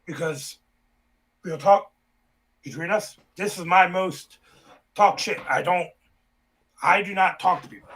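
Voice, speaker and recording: A man with a slightly high voice speaks in a direct, unadorned way. His casual talk is heartfelt and to the point. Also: a little slow, long pauses, fairly bright tone, breathy edge. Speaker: reaction channel co-host.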